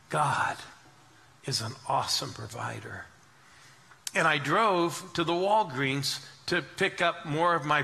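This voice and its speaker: Middle-aged male preacher, earnest testimony, very bright tone. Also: on the high side. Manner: earnest storytelling, drops to hushed tones for quotes. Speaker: pastor. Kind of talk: sermon testimony.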